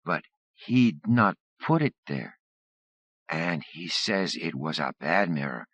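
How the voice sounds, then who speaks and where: A man voicing a soft-spoken young Vietnamese immigrant girl who speaks slow, broken English in an airy voice. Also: very deep voice, lively intonation, dry recording, full character voice. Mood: puzzled, earnest.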